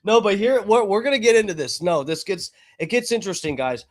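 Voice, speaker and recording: A man's voice: high voice, lively intonation, fairly quick. A man hosting a live stream, chatting casually and swearing freely as he talks to his viewers. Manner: chatty, profane, talks to chat. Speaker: livestream host.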